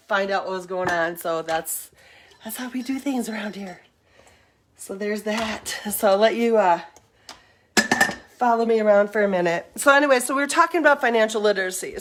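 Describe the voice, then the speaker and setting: Amid a noisy background, a middle-aged woman with a medium-pitched voice chats on a casual livestream. She's upbeat and rambling, a little short of breath as she walks outdoors around her home and yard.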